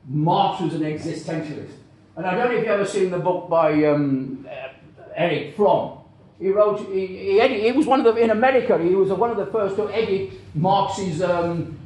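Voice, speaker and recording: A man's voice: fairly high pitch, a little mellow. Man lecturing in a very echoey room. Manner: rambling, repeats words, checks in with "okay?". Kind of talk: spoken lecture.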